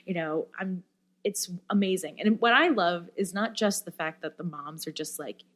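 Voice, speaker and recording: Animated woman telling a story. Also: fairly low pitch, normal speed. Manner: animated storyteller, many fillers, acts out quoted voices. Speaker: guest, musician and camp director. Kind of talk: casual interview storytelling.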